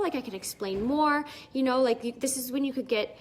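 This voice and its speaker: A woman's voice: high-pitched, brisk, slight background noise. A woman giving casual direct-sales advice in a live video, chatty and plain-spoken with many fillers.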